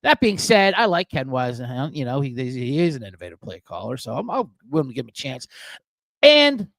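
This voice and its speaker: A man co-hosting a sports betting podcast in casual chat, excitable and swearing freely. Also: medium pitch, a little fast, vocal fry, no room sound. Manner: excitable, swears, acts out quotes in a raised voice. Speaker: podcast co-host.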